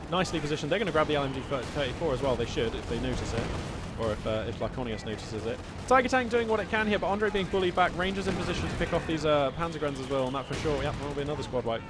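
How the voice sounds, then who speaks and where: A man casting a strategy game match with chatty, playful play-by-play and quick excited reactions. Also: on the high side, very noisy. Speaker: video game caster. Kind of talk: live play-by-play game commentary. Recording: loud game gunfire and vehicles behind.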